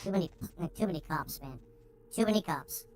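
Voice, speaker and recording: A woman streaming a video game, chatting casually and excitably and swearing freely as she plays. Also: low voice, fairly quick, slight background noise. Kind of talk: casual gameplay commentary.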